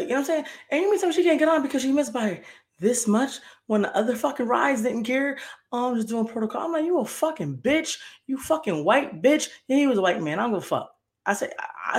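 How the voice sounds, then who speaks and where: A young woman hosting a podcast, telling a story in a heated, profane, repetitive rant. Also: medium pitch. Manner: heated, profane, repeats herself. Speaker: podcast host.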